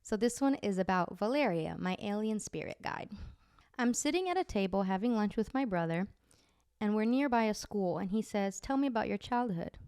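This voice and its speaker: Chatty woman with a gravelly edge. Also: medium pitch, expressive, normal speed, darkish tone, dry recording, clean studio sound. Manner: chatty, many "like" fillers. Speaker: podcast host. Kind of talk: casual storytelling.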